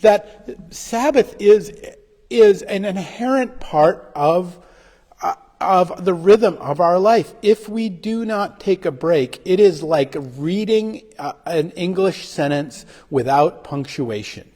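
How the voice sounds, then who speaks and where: A man giving a pastor's sermon reflection, halting and full of restarts and fillers as he talks. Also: high voice, animated, darkish tone. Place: church. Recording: livestream with long hall reverb.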